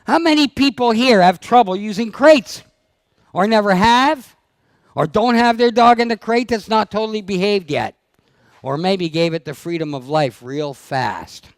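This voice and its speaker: A man's voice: sits high, measured pace, no echo. A man leading a dog training seminar, blunt and teasing as he fires questions at his audience. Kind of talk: live seminar talk to an audience. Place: seminar room.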